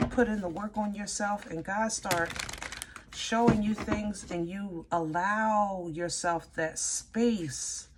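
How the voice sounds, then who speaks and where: A woman giving a casual tarot reading, chatty and easily excited, rambling and restarting as she talks through the cards. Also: medium pitch, heavy background noise. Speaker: tarot reader.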